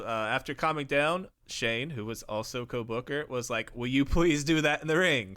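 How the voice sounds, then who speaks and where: A man's voice: mid-range voice, sharp tone, smooth. A man hosting a podcast, reading a script in a casual, profane way and breaking into laughs. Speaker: podcast host. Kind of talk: scripted narration with banter.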